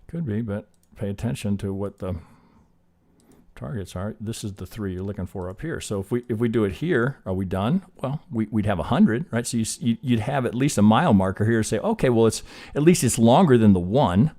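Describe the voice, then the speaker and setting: Talking a little fast in a low, darkish voice, a man runs a live chart-analysis stream, loosely walking through counts. He teaches casually, swears occasionally, and gets worked up.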